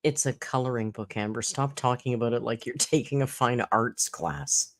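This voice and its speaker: A woman's voice: extremely low pitch, fairly even intonation, moderate pace, few pauses. Sarcastic woman streamer. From Canada. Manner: sarcastic, swearing, frequent laughs. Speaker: commentary streamer. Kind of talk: live reaction commentary.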